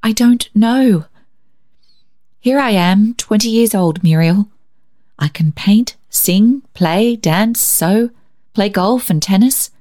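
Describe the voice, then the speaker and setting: Woman voicing a gentle young woman of twenty. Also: mid-range voice, takes it slowly, pitched above the performer's own voice, natural voice. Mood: tender earnest. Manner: tender, reassuring, calls her sister dear.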